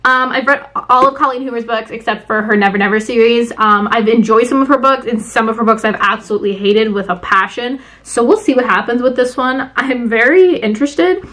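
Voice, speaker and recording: A young woman chatting casually in a book vlog, excitable and full of fillers. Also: a little high, brisk, hardly any pauses. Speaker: book vlogger.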